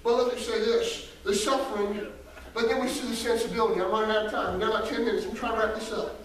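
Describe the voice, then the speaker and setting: An associate pastor preaches a folksy sermon, calling on church members by name and swinging from shouted peaks down to near whispers. His voice sits high with fairly even intonation and a quick pace, heard from far off in an echoey church hall.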